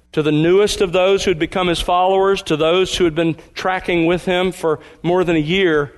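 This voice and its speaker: A man preaching a sermon, slowing down and leaning hard on key words for emphasis. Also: high voice, steady tone, smooth. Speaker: pastor.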